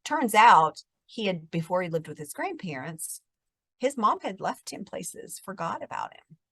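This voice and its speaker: Middle-aged woman therapist, lowish voice, dry sound, talks through ideas in a chatty explaining way. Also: unhurried, breathy edge, no echo. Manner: explanatory, animated storytelling, drops to a calm soft voice when demonstrating. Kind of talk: conversational interview.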